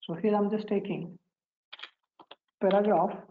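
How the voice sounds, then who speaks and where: A woman walking through a coding tutorial, pausing and repeating phrases as she types. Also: mid-range voice, fairly even intonation, narrow, tinny audio. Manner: halting, repeats phrases while typing. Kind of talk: screen-recorded coding tutorial.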